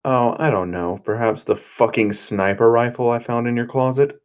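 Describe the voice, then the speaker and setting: A man's voice: medium pitch, moderate pace, muffled recording, natural voice. A man voicing a stern, sarcastic aunt confronting her nephew.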